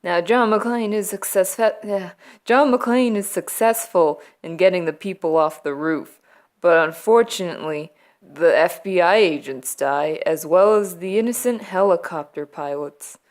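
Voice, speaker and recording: Young woman vlogger, slow deadpan comic recap, lower-pitched voice, laughs a lot. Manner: playful, deadpan, laughs often. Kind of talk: comedic movie recap from memory.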